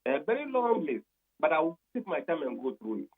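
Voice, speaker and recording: A man's voice: fairly high pitch, sing-song, fairly quick, phone-quality sound, a crowd in the background. A Ghanaian man on a radio talk show, methodically reading out a long list of poll figures and explaining the results. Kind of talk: radio talk, switching between English and Twi.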